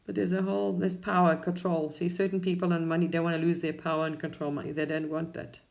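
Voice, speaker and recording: A middle-aged woman from England chats on a live stream in a lower voice. She rambles, drifts between thoughts and laughs often. Her voice carries the echo of a roomy space. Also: level tone, fast, gravelly, a little mellow. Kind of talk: casual spiritual talk on a live stream.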